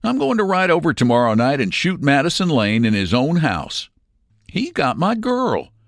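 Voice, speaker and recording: A man's voice: fairly high pitch, wildly swooping pitch, moderate pace, dry recording, clean studio sound, pitched above the performer's own voice. A man voicing a mild-drawling cold outlaw. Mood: grim, brooding. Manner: soft drawling menace.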